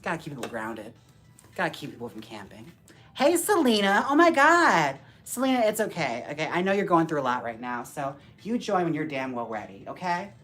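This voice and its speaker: A man hosting a casual live stream while styling dolls, talking to viewers by name in a campy, sassy way with quick jokes and frequent laughs. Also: mid-range voice, lively intonation, a bit bright, slightly rough, soft background music. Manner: talks to viewers by name, reads chat aloud.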